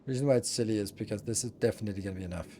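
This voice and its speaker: A man's voice: on the low side, rapid-fire, mellow, slight background noise. A man streaming a building game, thinking aloud and muttering as he plays. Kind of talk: casual live-stream commentary.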